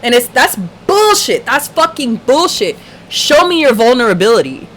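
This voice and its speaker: A woman's voice: high voice, big pitch swings, moderate pace, fairly bright tone, poor audio. A young woman hosting a casual livestream chat, talking passionately with lots of swearing and frequent laughs. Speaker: livestream host.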